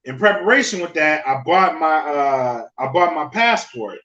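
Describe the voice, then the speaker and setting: A young man co-hosting a podcast, telling a story in an animated, profane, laughing way. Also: a little high, normal speed, roomy sound. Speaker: podcast co-host. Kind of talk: casual chat, storytelling. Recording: slightly dull lo-fi podcast audio.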